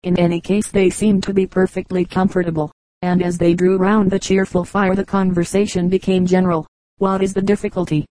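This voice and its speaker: A woman reading a book aloud in even, measured narration. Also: fairly low pitch, no room sound, low-quality recording. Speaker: audiobook reader. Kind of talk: scripted narration.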